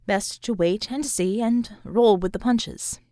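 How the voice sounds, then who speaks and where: Reading from a scripted audiobook, this female narrator keeps her storytelling steady and measured at a medium pitch. It's studio-quality audio with no echo.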